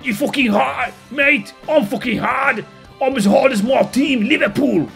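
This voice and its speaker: A man's voice: extremely high pitch, a little slow, creaky, fairly bright tone, soft background music, pitched above the performer's own voice, heavily acted. A man voicing a rowdy young English soccer hooligan with a put-on English accent, swaggering and profane. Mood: belligerent.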